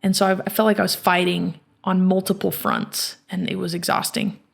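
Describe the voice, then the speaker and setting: A woman hosting a personal storytelling podcast, speaking in a reflective, halting way with many restarts. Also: lowish voice, steady tone, gravelly. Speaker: podcast host.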